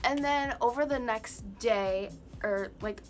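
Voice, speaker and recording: A young woman with a slightly high voice tells a personal story in a loose, chatty way. She fills her talk with "like" and "um", and faint music plays behind her. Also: slow. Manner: chatty, lots of "like" and "um". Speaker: vlogger. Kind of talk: casual storytime.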